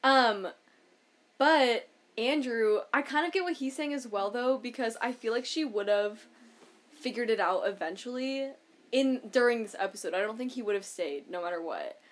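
A woman with a slightly high voice chats casually on a podcast. She fills her talk with "like" and laughs often while recapping a show with her co-host. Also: expressive, moderate pace. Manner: chatty, lots of "like", laughs often.

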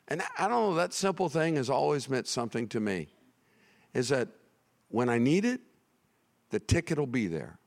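Animated male preacher with a lively voice. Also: mid-range voice, moderate pace, gravelly, long pauses, long reverb tail. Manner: animated preaching, rises to near shouting. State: tired. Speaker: pastor. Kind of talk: sermon. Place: church.

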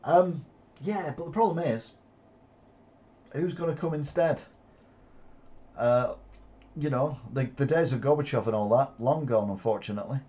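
Sardonic man with a mellow voice. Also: mid-range voice, moderate pace, pauses often, highs cut off. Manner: sardonic, swears, chuckles at stories. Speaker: news commentary vlogger. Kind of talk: reading headlines with opinionated commentary.

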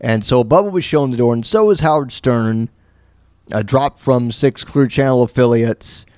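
A man's voice: medium pitch, darkish tone, dry recording, clean studio sound. Rambling man telling a radio story. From Florida, USA. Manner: rambling, restarts sentences, many fillers. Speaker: podcast host. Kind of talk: casual storytelling monologue.

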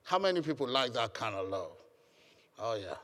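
A man's voice: mid-range voice, sing-song, normal speed, fairly bright tone, big-room sound. A man preaching a sermon as pastor, emphatic and calling on the congregation to respond. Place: church hall.

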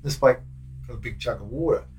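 A former prison officer, older and Australian, speaks a little fast in a slightly mellow mid-range voice. His relaxed interview stories drift along with slang and restarts, over soft background music and poor audio.

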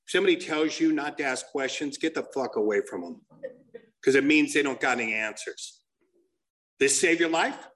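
A man doing a crude, rambling stand-up comedy set, telling stories with animated put-on voices. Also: medium pitch, fairly quick.

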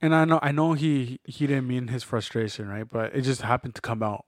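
A man in his thirties talks through his faith in an earnest, reflective way. His voice sits at an ordinary middle pitch. The sound is dry and close, with no room around it. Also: fairly even intonation, a little fast, no room sound. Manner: reflective, earnest, retells conversations in quoted voices. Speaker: podcast co-host. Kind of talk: casual faith conversation.

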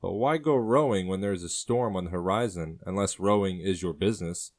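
A man voicing a sly, determined young woman in a storybook reading, teasing and quick-witted. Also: low voice, darkish tone.

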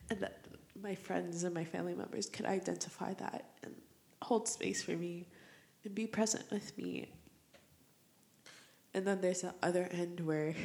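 Young adult woman, podcast host, casual solo monologue, heartfelt and rambling, lowish voice, lots of vocal fry. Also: darkish tone.

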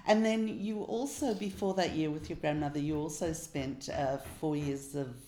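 A woman's voice: deep voice, moderate pace, dark tone, reverberant. A woman hosting a casual interview, asking long, rambling questions and affirming her guest often. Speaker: interview host.

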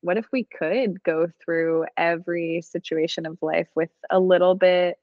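Low-voiced woman host, dull dry sound. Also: fairly even intonation, measured pace, no room sound. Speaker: podcast host. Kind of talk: casual conversation.

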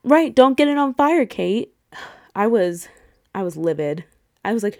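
A woman's voice: medium pitch, big pitch swings, unhurried, pauses often, a little mellow, no echo, studio quality. A woman in her thirties co-hosting a podcast, casually recapping a movie with frequent laughs, swearing and acted-out quotes. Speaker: podcast co-host. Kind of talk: casual movie rewatch chat.

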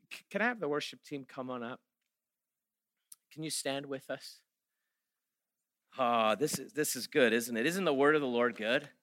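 A man's voice: on the high side, sharp tone. A middle-aged man giving a sermon, telling stories and then rising to emphatic preaching. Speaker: guest speaker.

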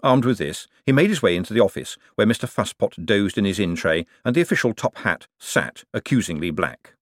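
A man reading an audiobook as its narrator in a wry, expressive way. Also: fairly low pitch, brisk, no echo, clean studio sound. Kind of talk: scripted narration.

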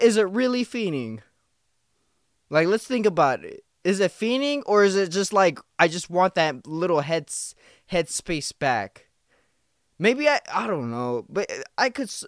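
A young man talks alone into a close mic for his podcast, restless and profane, circling back over his thoughts. He has just come off a night shift and sounds worn out and irritated. His voice sits a bit high for a man, and the sound is dry and close. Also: very animated, normal speed, dry recording. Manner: rambling, profane, restless and agitated. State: tired after a night shift. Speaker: podcast host. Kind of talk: casual solo podcast monologue.

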